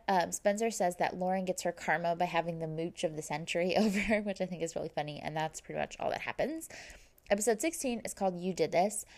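A young woman recapping episodes in casual chat, rambling and quoting people, with "like" in almost every phrase. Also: fairly low pitch. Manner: rambling, says "like" constantly, quotes people in retelling. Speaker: reality TV recap host.

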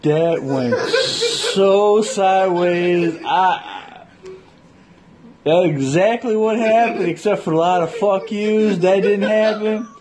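A man hosting a casual podcast chat, swearing freely and retelling things with animated voices. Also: high-pitched, takes it slowly, crowd noise, low-quality recording. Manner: profane, animated storyteller. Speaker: podcast host.

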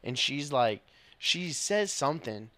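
Animated young man telling cop stories. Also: mid-range voice, a little slow, no echo. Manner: animated, swearing, laughing while telling stories. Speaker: police officer, podcast co-host. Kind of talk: casual storytelling chat.

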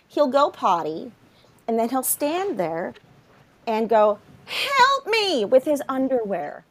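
A woman, telling funny parenting stories on a podcast and loudly mimicking her young son. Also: sits high. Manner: animated, swings into loud mimicking of her son. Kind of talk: casual comedic storytelling.

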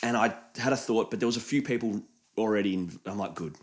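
A man's voice: on the low side, quick pace. An Australian man in casual chat, swearing a lot as he rambles through a story.

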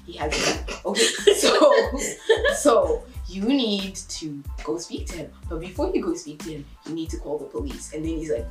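With music in the background and a reverberant sound, a young woman shares a casual story at normal speed. She's lively, mimicking everyone's voices with sweeping pitch changes and laughing as she talks.

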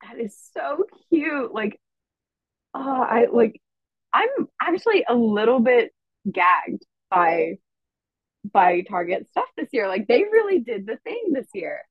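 A woman guest on a podcast, chatting in an animated, slangy way and laughing often. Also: a little high, takes it slowly, husky, no echo. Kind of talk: casual chat. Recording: dry, dull lo-fi mic.

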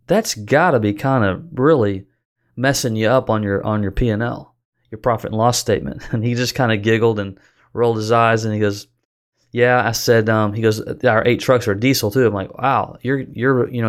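A man talks casually about coaching in a mid-range voice. He rambles in an easy, conversational way, with lots of fillers and false starts. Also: medium pitch. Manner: conversational, many fillers and restarts. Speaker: business coach host. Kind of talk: casual storytelling monologue.

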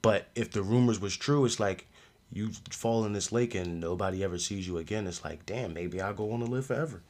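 A young man hosting a podcast, giving a casual, slangy review of a show with frequent laughs and animated outbursts. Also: brisk. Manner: animated, slangy, laughs often, loud jumps in pitch. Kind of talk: casual solo review chat.

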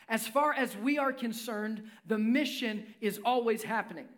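A male pastor preaching a sermon, impassioned, dropping his voice low for emphasis. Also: fairly bright tone. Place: church.

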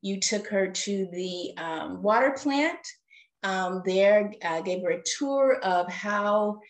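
A woman's voice: medium pitch, expressive, slow pace, reverberant, rough recording. A mother speaking as a guest in a podcast interview, earnest and rambling, fighting back tears as she talks. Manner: earnest, rambling with many fillers. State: tearful. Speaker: guest parent. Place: living in Japan.

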